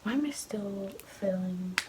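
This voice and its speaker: A teenage girl filming a get-ready-with-me vlog, talking in a rushed, chatty way and often half-whispering. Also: steady tone. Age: teens. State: out of breath. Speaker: vlogger. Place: home, early morning. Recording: low audio with loud background noise.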